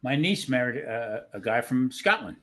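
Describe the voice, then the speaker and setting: A man's voice: medium pitch, lively intonation, moderate pace, fairly bright tone. A man from New Jersey with a New Jersey accent, telling stories emphatically in casual chat on a video call. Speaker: participant in an online hangout.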